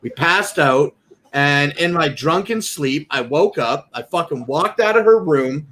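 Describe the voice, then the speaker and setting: A man's voice: on the high side, expressive, measured pace, a bit bright, rough recording. A young man co-hosting a podcast, telling crude stories in a profane, rambling way. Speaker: podcast co-host. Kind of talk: casual chat.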